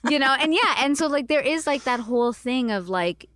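Frank, animated woman chatting. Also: sits high, brisk, a crowd in the background. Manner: animated, filler-heavy, frank and profane. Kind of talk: casual chat.

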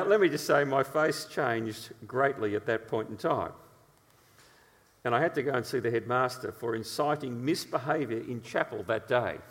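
A man preaching a sermon, telling stories in an animated way with frequent "uh" fillers. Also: medium pitch, in a large hall.

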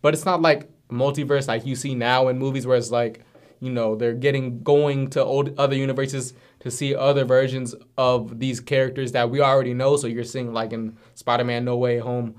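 A man's voice: mid-range voice, flat delivery, normal speed. A man co-hosting a casual podcast, animatedly retelling cartoon episodes with plenty of slang and fillers. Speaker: podcast co-host.

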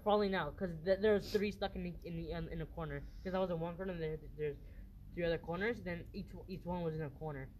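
A man's voice: high-pitched, steady tone, quick pace, darkish tone, a little hiss or hum, rough recording. Young guy rambling through a story. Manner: rambling storytelling with many restarts and fillers. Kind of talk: casual chat.

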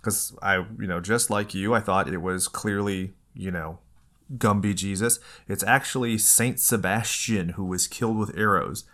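A man with a somewhat low voice leads a casual film discussion. He talks in an animated, analytical way, chatty and full of asides. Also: moderate pace.

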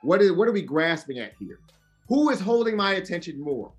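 A man's voice: sits high, sing-song, fairly quick, soft background music. A man arguing his side in a heated wrestling debate on a podcast, emphatic and insistent, repeating his points.

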